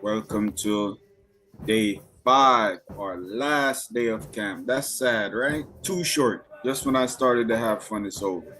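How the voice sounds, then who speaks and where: Man, camp leader, relaxed and cheerful delivery. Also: fairly low pitch, slow, faint music behind. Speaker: camp instructor. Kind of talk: casual group address.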